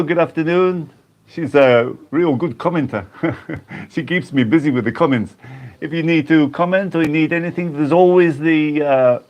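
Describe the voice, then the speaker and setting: A chatty English man runs a casual live stream, reading out viewers' names and laughing as he goes. His voice sits a bit high for a man, with a relaxed, rambling manner. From England. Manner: chatty, laughs often, greets viewers by name. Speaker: YouTube host reading live chat.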